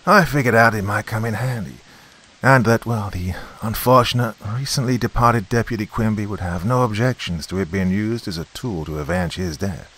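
A man voicing a short, chubby, bald priest who speaks gently and hesitantly. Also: fairly low pitch, moderate pace, husky. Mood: gentle.

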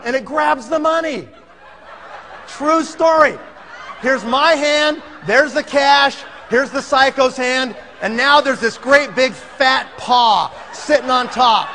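A man telling a comic story to an audience, animated and laughing, acting out the scenes. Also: extremely high pitch, a little hiss or hum. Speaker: speaker.

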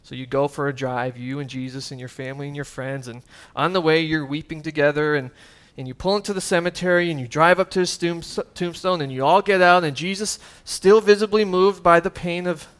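A pastor preaching with a voice pitched a little above most men's. He builds to loud, emphatic peaks, then drops into casual, conversational asides. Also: steady tone, fairly quick, hardly any pauses, clear, resonant tone. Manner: conversational asides with fillers and chuckles. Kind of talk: sermon.

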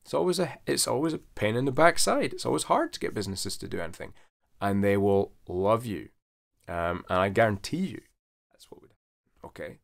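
A man in his forties with a low, gravelly voice talks straight to camera. He is a veterinarian coaching other vets step by step. His tone stays earnest and conversational, like a colleague passing on hard-won advice. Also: very animated, fairly quick.

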